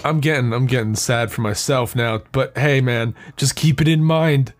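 A man's voice: medium pitch, normal speed, soft background music. A young man hosting a solo podcast, rambling in a profane, offhand way and laughing at his own jokes. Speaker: podcast host. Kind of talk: casual solo podcast monologue.

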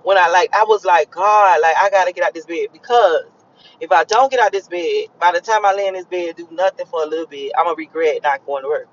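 A man's voice: sits high, fairly quick, highs cut off, a little hiss or hum. A young man in a car, rambling and cursing as he reflects on his morning. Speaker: vlogger. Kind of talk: casual morning monologue while driving.

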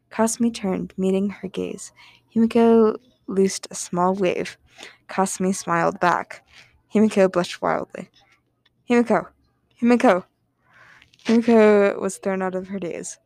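Gravelly-voiced woman reading a story softly. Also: medium pitch, no echo. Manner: soft, even reading with some breathy, whispered phrases and occasional fillers. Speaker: narrator.

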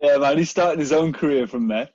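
A man's voice: fairly high pitch, quick pace, darkish tone, dry recording. A man, co-hosting a podcast in casual chat, laughing often and talking animatedly. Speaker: podcast co-host. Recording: dry, muffled lo-fi audio.

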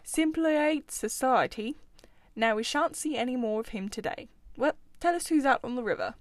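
A woman's voice: high-pitched, lively intonation, normal speed, dry recording. A woman voicing a cheerful, chatty male water rat in a storybook reading. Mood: gossiping.

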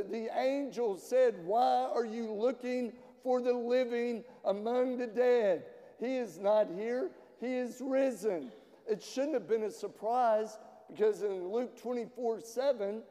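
A man preaching a sermon as pastor, slow and earnest with emotional pauses, in a church sanctuary. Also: high voice, mellow. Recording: long church reverb.

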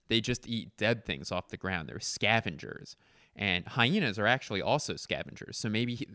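A young man with a low, smooth voice reads out stories he wrote as a child. He cracks jokes and rambles through self-mocking asides about his old drawings. The recording is dry and close. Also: a bit bright, no room sound. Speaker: creator reading his childhood writing. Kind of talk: casual commentary.

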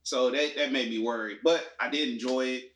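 A man in casual chat about movies and shows, explaining his views in a relaxed way with many fillers. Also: mid-range voice, brisk. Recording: echoey room.

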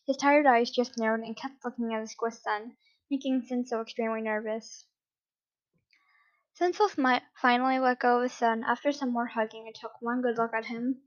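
A woman reading a story aloud at a steady pace, sometimes correcting herself. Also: on the high side, muffled recording. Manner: steady with occasional self-corrections. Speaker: reader. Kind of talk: reading fan fiction aloud.

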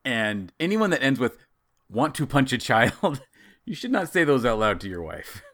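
A man joins the chat with a teasing, joking manner, quick to laugh at his friend. His voice is bright and forward, and his pitch moves up and down with lively energy. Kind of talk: casual chat.

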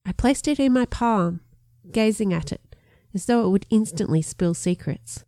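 A woman reading a first-person story aloud, expressive and lively in her narration. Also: moderate pace, dry recording, studio quality. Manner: expressive, lifts pitch for dialogue. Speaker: audiobook narrator.

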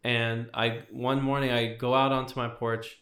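A man's voice: mid-range voice, flat delivery, normal speed, fairly bright tone. A man in his twenties, a podcast guest, tells his testimony in casual, rambling chat full of "like" and "you know". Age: 20s. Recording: roomy echo.

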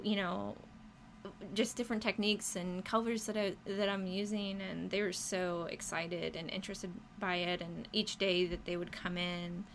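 A woman talking with bubbly enthusiasm about her work, her voice carrying a creaky, gravelly edge. She fills her talk with "um" and "you know" and laughs easily. Faint noise sits under the recording. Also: medium pitch, flat delivery, normal speed. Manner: enthusiastic, laughs often, many fillers. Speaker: muralist guest. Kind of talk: casual interview chat.

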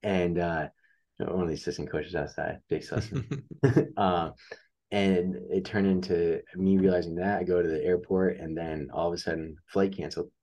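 A young man with a very low, deep voice talks casually as a guest on an interview show. He tells a story about his coaching career and plays each person's lines himself as it unfolds. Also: normal speed. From upstate New York. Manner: animated storyteller acting out quoted dialogue.

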